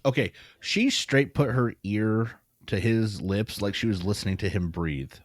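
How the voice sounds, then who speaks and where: A man co-hosting a podcast, reviewing a movie in casual chat, animated and laughing often, with casual swearing. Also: on the low side, a little slow, no echo, clean studio sound. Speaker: podcast co-host.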